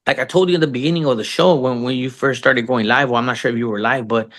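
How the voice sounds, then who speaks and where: A middle-aged man with a gravelly, fry-heavy voice, talking loosely in a casual interview. He swears freely, tags "bro" onto his phrases and stumbles through restarts. His pitch sits in a middle range. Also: fairly even intonation, fast talker, a bit bright. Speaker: interview guest, actor.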